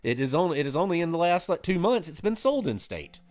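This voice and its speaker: Relaxed Southern American man rambling. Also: a little high, fast talker. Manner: relaxed, rambling, self-deprecating. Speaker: co-host. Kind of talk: casual chat.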